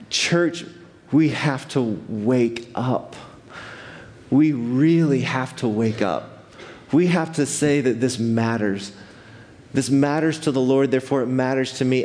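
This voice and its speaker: Man preaching in a reverberant hall. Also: medium pitch. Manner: animated, conversational preaching with restarts. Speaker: pastor. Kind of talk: sermon. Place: church sanctuary.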